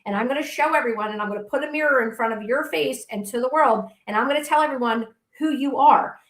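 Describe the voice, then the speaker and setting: Brief: blunt, fiery woman, high and bright, in an echoey room. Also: fast. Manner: combative, blunt, profane. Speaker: guest. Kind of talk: heated interview.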